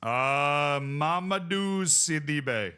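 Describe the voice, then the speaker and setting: A man streaming a football management game, calling the match play-by-play and shouting in excitement. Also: on the high side, extremely slow, smooth. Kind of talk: live gameplay commentary.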